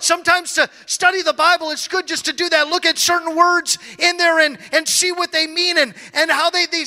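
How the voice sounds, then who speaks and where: High bright-voiced preaching pastor. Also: male voice, long reverb tail. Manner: emphatic preaching, calls of amen, slows to stress words. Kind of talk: sermon.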